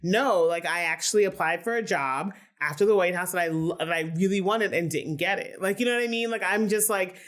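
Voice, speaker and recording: A woman from Philadelphia, a podcast guest talking candidly and casually, with many "like"s and an animated, open way of speaking. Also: lowish voice, a little fast, hardly any pauses. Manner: candid, animated, heavy use of "like". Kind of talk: casual conversation.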